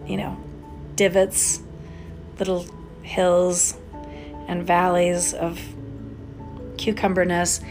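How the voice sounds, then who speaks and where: Slow-talking rambling woman podcaster. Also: medium pitch, a bit bright. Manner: rambling, tangential, spontaneous. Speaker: podcast host and online English tutor. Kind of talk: rambling spoken-aloud voice memo. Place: home, Minnesota. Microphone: phone.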